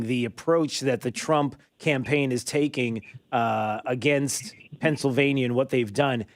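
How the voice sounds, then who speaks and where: A man from New York hosting a call-in radio talk show, chatty and rambling with quick asides. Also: a little high, no room sound, studio quality.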